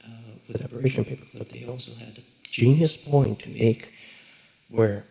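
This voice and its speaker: Gravelly, husky man ranting sarcastically. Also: mid-range voice, fairly even intonation, moderate pace, warm tone, rough recording. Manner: swearing, sarcastic, exasperated, rambling with restarts. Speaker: online show reviewer. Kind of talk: casual ranting review.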